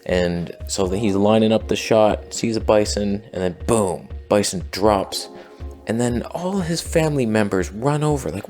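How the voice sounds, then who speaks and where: A man delivering a deadpan satirical monologue in a mock-earnest, sarcastic tone. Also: on the low side, unhurried, faint music behind. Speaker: satirical commentator.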